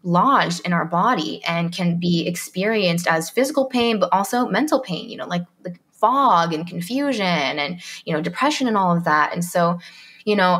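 A woman speaking as a podcast guest. Her voice sits a little low. She talks in a chatty, storytelling way, full of "um" and "like," and acts out what people said. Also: fairly bright tone, breathy edge. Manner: chatty storytelling, reenacts dialogue, frequent "um" and "like". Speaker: guest, mindset coach. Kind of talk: podcast interview.

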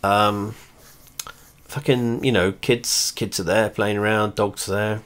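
This man's voice sits fairly low and is a bit bright, with fairly even intonation and an unhurried pace. A video creator, he comments on a flight simulator in a loose, rambling way, cursing a lot, blunt and talkative, frequently losing his thread and restarting.

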